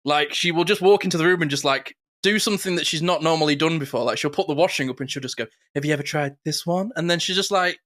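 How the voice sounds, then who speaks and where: A man co-hosting a podcast in casual chat, animated and quick to mimic catchphrases. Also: on the high side. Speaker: podcast co-host.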